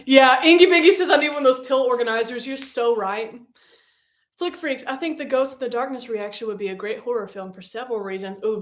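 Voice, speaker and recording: A woman's voice: a little high, reverberant. A woman hosting a casual livestream, chatty and bubbly as she reads and answers viewer comments. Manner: chatty and bubbly, with loud excited reactions. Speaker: livestream host.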